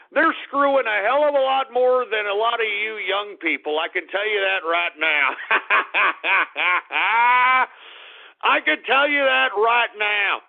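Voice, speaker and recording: A man's voice: high voice, creaky. A middle-aged man hosting a talk radio show, ranting in a blunt, crude, opinionated way. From Texas. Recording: tinny phone-like radio audio.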